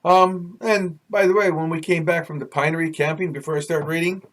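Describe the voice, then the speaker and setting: A man's voice: a little high, fairly even intonation, fairly quick, a bit bright. A man from Canada reading his own novel aloud, chatting casually between passages and restarting sentences as he goes. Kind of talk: chatty book reading with asides.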